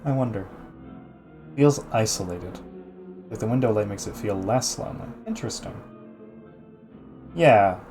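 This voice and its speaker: A man's voice: lowish voice, a little slow, long pauses, over music. A man streaming a casual art gallery talk, chatty, with many restarts, answering his chat. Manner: chatty, frequent restarts and fillers, laughs easily, reads chat aloud.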